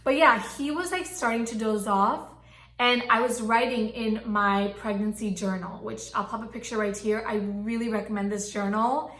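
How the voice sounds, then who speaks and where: A woman's voice: on the high side, fairly even intonation, normal speed, a bit bright. A young pregnant woman vlogging casually to her viewers, chatty and gushing with lots of fillers. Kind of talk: casual chat to camera. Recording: echoey room.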